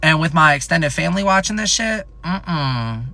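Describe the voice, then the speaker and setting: A young man in his twenties telling a casual storytime vlog in an animated, profane, rambling way. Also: on the high side, normal speed. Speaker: content creator.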